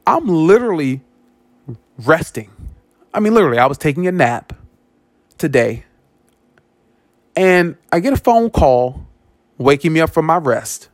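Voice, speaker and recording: Animated man telling a story, dry sound. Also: on the high side, measured pace, pauses often, dry recording. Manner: animated, repeats words, acts out quoted speech. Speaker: podcast host. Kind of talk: personal storytelling monologue.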